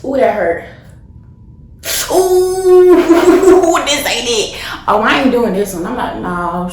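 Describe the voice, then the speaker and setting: A woman's voice: medium pitch, normal speed, echoey room, very noisy. A young woman, vlogging in a nervous, joking way, counting down and yelping, shaky and sweaty. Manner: dramatic, nervous, joking, loud yelps and counting down. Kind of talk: casual vlog chat. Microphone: phone camera.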